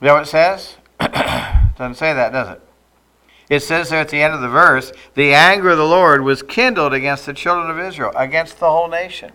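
Emphatic male preacher, smooth voice. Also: on the high side, pushed and bright, low-quality recording. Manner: emphatic, slows down to stress lines, has the listeners repeat phrases. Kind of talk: sermon.

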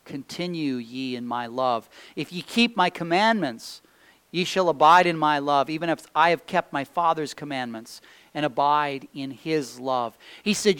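A man preaching a sermon, reading scripture aloud and swinging between loud emphatic peaks and hushed low phrases. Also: clear, resonant tone. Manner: slow, deliberate delivery reading scripture aloud.

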